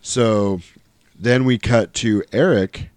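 A man with a fairly low voice talks casually and animatedly as he recaps a film. He swears freely and slips into high, goofy voices to mimic the characters. The sound is dry and close. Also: takes it slowly, a little mellow, no room sound. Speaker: podcast host recapping a film. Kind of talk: casual chat.

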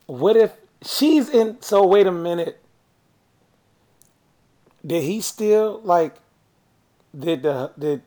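A man co-hosting a podcast in casual chat, animated and jumping between ideas. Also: high voice, slow, long pauses. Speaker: podcast co-host.

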